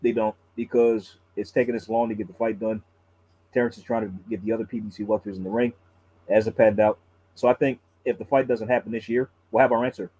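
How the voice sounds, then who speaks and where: A man talks through his opinion in a casual live-stream chat. He speaks fast in a warm, mellow voice. He states his views firmly and repeats himself as he weighs a point. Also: fairly low pitch, steady tone, slightly rough, low-quality recording. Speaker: guest commentator.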